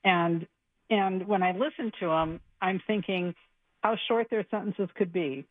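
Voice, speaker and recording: A woman's voice: mid-range voice, a little slow. An older woman calling a radio show with advice, speaking plainly and matter-of-factly. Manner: plain-spoken, matter-of-fact. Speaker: caller. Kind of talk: phone-in advice. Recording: tinny phone line.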